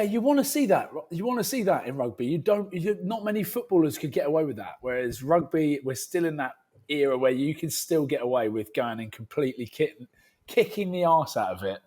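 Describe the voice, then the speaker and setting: A man's voice: a little high, big pitch swings, normal speed, darkish tone, breathy edge. A man co-hosting a rugby podcast, telling joking stories in casual banter. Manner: joking, banter-heavy storytelling. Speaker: podcast co-host. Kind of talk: casual chat.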